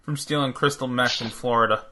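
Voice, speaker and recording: A man's voice: medium pitch, fairly even intonation, fairly quick, heavy background noise. A man co-hosting a podcast, trading crude jokes in laid-back, profane banter. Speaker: podcast co-host.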